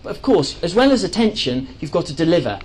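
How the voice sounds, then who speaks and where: A man's voice: on the high side, very animated, fast, darkish tone, breathy edge, low-quality recording. A man giving an enthusiastic presentation to a live audience, chatty and full of fillers and restarts. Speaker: speaker at a live talk.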